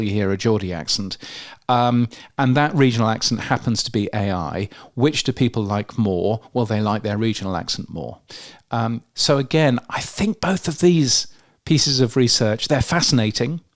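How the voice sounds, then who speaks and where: London-accented man, rambling podcast host. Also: mid-range voice. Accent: London English. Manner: hesitant, many fillers and restarts. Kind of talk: casual news chat.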